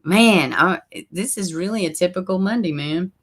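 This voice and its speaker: A woman hosting a casual livestream, chatting straight to her viewers and reading their comments aloud, with soft asides under her breath. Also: fairly low pitch, moderate pace, husky. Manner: frequent soft asides while fiddling with links. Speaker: livestream host.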